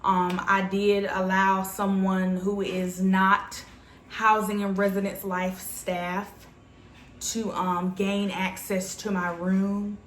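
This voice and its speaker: A woman's voice: medium pitch, little pitch movement, slow pace, fairly bright tone, roomy sound, a little hiss or hum. A young adult woman telling a personal story to her viewers in a chatty, dramatic way. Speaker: vlogger. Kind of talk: storytime vlog.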